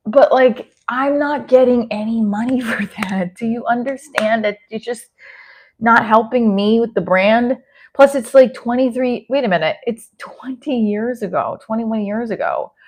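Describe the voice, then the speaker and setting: A woman's voice: on the high side, measured pace, darkish tone. Chatty woman hosting a livestream. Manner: chatty, self-deprecating, answers chat mid-sentence with restarts. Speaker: livestream host reading viewer comments. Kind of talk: rambling casual live chat.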